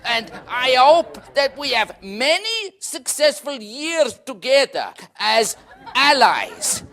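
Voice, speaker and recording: A woman's voice: sits high, very animated, slow, fairly bright tone. A woman playing several foreign guests in a comic birthday sketch, laughing as she goes. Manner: playful, laughing. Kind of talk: comic sketch with put-on voices.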